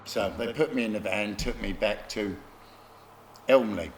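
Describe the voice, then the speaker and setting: A middle-aged man, telling rough stories from his life as an interview guest, often laughing and acting out other people. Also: fairly low pitch, unhurried, slight background noise. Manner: gravelly, laughing anecdotes, acts out other voices. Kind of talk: casual storytelling.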